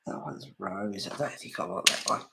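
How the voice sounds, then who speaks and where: A woman's voice: extremely low pitch, moderate pace, creaky, heavy background noise. Gossipy woman over fifty. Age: 50s or older. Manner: gossipy storytelling, laughs often. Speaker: livestream host. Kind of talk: casual chat while colouring.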